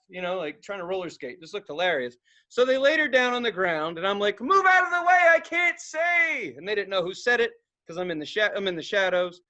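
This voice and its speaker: A young man co-hosting a podcast, telling stories in a casual, profane, animated way, acting out loud outbursts and laughing along. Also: sits high. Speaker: podcast co-host. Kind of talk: casual storytelling chat.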